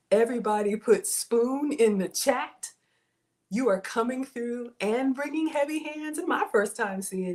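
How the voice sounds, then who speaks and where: A woman hosting a casual live cooking stream, playful and theatrical, breaking into gasps and whispered asides. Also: mid-range voice. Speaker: home cook and live-stream host.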